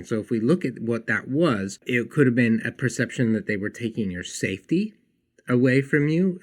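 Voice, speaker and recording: A man hosting a podcast, telling a story in an earnest, animated way before teaching a lesson. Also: medium pitch. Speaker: podcast host and counselor. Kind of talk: storytelling then teaching monologue.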